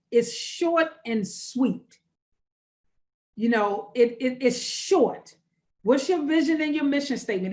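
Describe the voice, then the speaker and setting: Higher-voiced woman pastor leading a webinar. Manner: repeats key phrases for emphasis, conversational and encouraging. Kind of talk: interactive online workshop talk.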